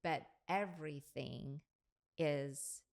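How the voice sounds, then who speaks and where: An older woman hosting a parenting podcast, giving measured, thoughtful advice in a casual discussion. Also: deep voice, creaky. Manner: measured, thoughtful, drops softer when quoting parent-child talk.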